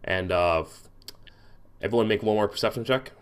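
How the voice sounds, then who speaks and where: A man's voice: on the low side, clean tone. A man acting as game master for an online tabletop game, narrating with many halts and restarts. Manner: halting, many restarts and fillers.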